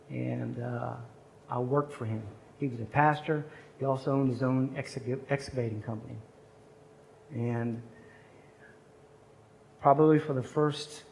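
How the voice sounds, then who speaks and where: A man's voice: medium pitch, creaky, slight background noise, poor audio. A man in his forties preaching at a chapel service, telling a personal story and acting out the voices of the people in it. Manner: storytelling, acts out quoted voices. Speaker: chapel speaker. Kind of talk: sermon story.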